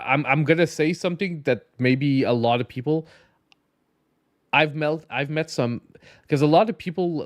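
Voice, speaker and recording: A man's voice: medium pitch, dry recording, clean studio sound. A tired man hosting a casual gaming podcast, rambling with many restarts and a slight lisp. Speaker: podcast host. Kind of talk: casual late-night podcast chat.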